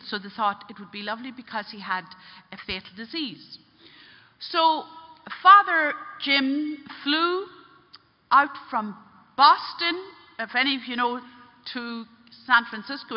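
A religious sister telling a story to an audience in an earnest way, dropping to a hushed tone at grave moments. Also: female voice, fairly high pitch. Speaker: religious sister giving a spiritual talk. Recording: dull lo-fi recording in a reverberant hall.

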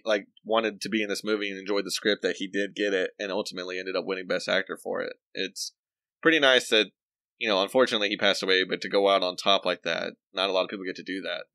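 A man's voice: on the low side, fast, bright, forceful tone, no room sound. A young man co-hosting a casual movie podcast, sharing film trivia in a chatty way. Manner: talkative, shares film trivia. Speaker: podcast co-host. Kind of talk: casual chat.

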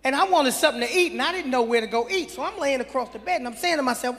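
A man's voice: very high voice, animated, rapid-fire, fairly bright tone, long reverb tail. A man, a guest comedian, telling his side of a story in a laid-back, chuckling way. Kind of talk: stand-up storytelling. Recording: live stage mic, crowd.

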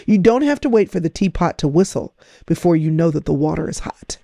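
A woman's voice: low voice, expressive, fairly quick, vocal fry, mellow, no room sound, clean studio sound. A middle-aged woman hosting a podcast, coaching her listeners with emphatic, repetitive phrasing. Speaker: podcast host. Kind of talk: motivational talk.

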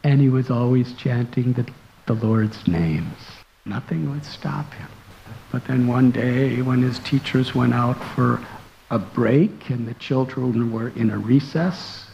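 A man, a monk and spiritual teacher, telling a devotional story in a sermon with slow, earnest, dramatic delivery. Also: medium pitch, creaky, mellow, muffled recording, slight background noise.

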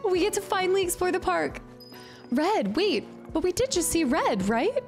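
A young woman streaming a video game, chatty and excitable, thinking aloud as she plays. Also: very high voice, normal speed, soft background music. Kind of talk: casual let's-play commentary.

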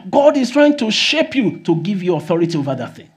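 A man preaching a sermon as pastor, often exclaiming hallelujah and rising to shouts. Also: high-pitched, very animated, fairly quick.

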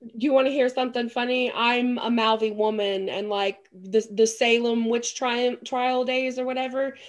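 A woman's voice: on the high side, fairly even intonation, moderate pace. Giggly woman hosting a fan chat. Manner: giggly, chatty, frequent laughter. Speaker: podcast host. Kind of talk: casual fan interview.

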